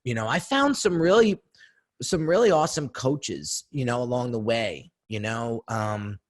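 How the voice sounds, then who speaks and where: A man's voice: mid-range voice, animated, measured pace. A man talking as a podcast guest, telling a personal story in an earnest, conversational way, often repeating himself.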